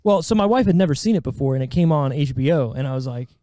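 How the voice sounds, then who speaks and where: Chill canadian guy hosting a movie pod, mellow tone, swears a lot, dry mic. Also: a little high, expressive, quick pace, dry recording. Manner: laid-back, swears casually. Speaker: podcast host. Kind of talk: casual chat.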